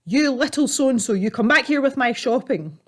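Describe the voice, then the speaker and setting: A woman voicing a grumpy, short-tempered old man who snaps and shouts. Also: mid-range voice, expressive, brisk, natural voice. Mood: angry. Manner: gruff, snapping, shouting.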